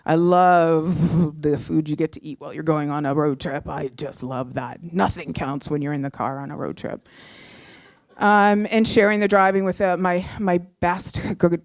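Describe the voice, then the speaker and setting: A middle-aged woman from Canada telling a personal story, heartfelt, moving between animated and hushed moments. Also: low voice, dry recording, studio quality.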